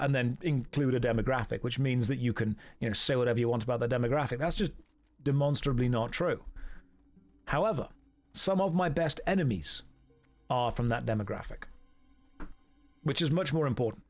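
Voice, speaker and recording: A man's voice: medium pitch, a little fast. A man streaming a video game who gives sarcastic, joking commentary and answers his live chat.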